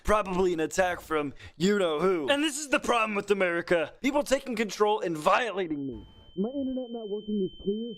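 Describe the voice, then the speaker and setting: A man's voice: sits high, lively intonation, brisk, a bit bright, pitched above the performer's own voice. A man playing a whiny paranoid streamer. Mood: indignant. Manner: complaining, indignant rant.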